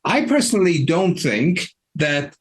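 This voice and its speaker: A man hosting a live question session, speaking haltingly with frequent restarts. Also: fairly high pitch, big pitch swings. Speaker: host.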